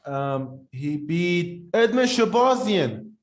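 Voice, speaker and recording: Male podcast co-host, high-pitched, rambling casual chat. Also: takes it slowly. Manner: rambling, animated, talks while eating.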